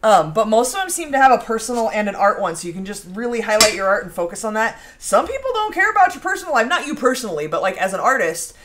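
A woman's voice: on the high side, sing-song, quick pace, few pauses, fairly bright tone, slight background noise. A woman hosting a casual home baking live stream, chatting and reading out viewer comments. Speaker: baking show host. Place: home kitchen.

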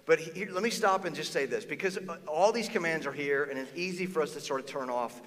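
A male pastor preaching in a casual, animated way, his fairly high voice bright and forceful. The sound carries a long reverb from a large church auditorium. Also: a little fast. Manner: conversational and animated, acting out quoted voices. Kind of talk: sermon.

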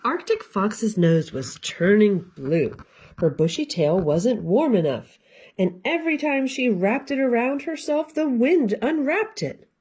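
A woman librarian giving an expressive, sing-song storytime read-aloud for children. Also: medium pitch, slightly rough.

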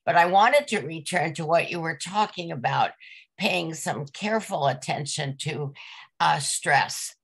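A woman's voice: sits low, unhurried, creaky, a bit bright, slightly rough. A woman in a poetry discussion group, thoughtfully analysing a poem's rhythm and wording. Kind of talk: casual literary discussion.

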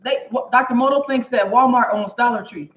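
A woman's voice: on the high side, a little fast, slight background noise. A woman hosting a cooking livestream, chatting casually and exclamatorily with her viewers as she cooks in her home kitchen. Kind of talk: casual chat while cooking and reading viewer comments. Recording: echoey room, dull lo-fi sound.

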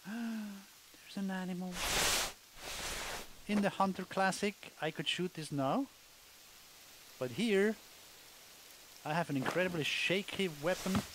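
A man's voice: sits high, a little slow, pauses often, very noisy. A man casually commenting on a hunting video game as he plays, thinking aloud with wry asides. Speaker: gamer, let's play host.

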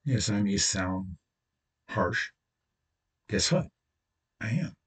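A man's voice: lowish voice, animated, slow pace, fairly bright tone, husky, far from the mic. A man hosting his own channel, delivering an angry, profane solo rant with blunt, confrontational talk. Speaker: channel host.

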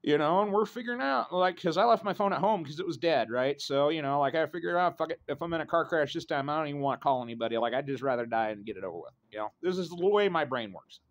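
Middle-aged man from Idaho, slightly high voice, loose profane storyteller who rambles. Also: expressive, fast, hardly any pauses. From Idaho, USA. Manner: profane, rambling, full of fillers like "right?" and "you know". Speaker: vlogger telling a personal story.

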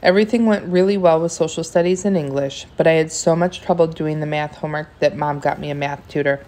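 A woman reading a children's novel aloud in a steady storytelling manner. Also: low-pitched, quick pace. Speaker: reader.

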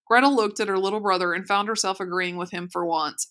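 A woman teacher reading a children's novel aloud in a clear, steady, expressive way. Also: lowish voice, brisk, hardly any pauses. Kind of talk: audiobook read-aloud narration.

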